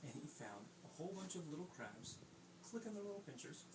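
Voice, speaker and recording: A father spinning an improvised bedtime story for his child, his pitch rising and falling with lively expression. He sits away from the microphone in an echoey room, with faint noise behind. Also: fairly quick, distant mic. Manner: animated, voices the characters. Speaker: parent telling a bedtime story.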